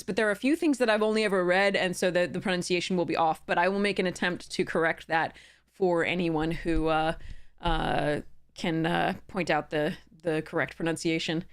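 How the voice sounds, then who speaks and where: A woman's voice: fairly low pitch, clear, resonant tone. Rambling woman streamer with many ums. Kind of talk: casual live-stream chat.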